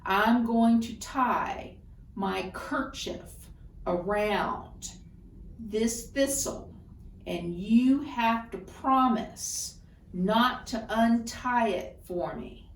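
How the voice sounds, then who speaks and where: A woman's voice: medium pitch, distant mic, slight background noise. A woman voicing a stubborn young man who speaks firmly and insistently in a folktale. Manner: firm, insistent. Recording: roomy echo, voice off-mic.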